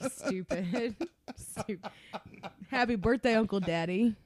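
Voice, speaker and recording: A woman's voice: mid-range voice, slow pace, a crowd in the background. A woman co-hosting a podcast in loose, profane chat, often breaking into giggles and snorts. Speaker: podcast co-host. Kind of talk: casual podcast banter.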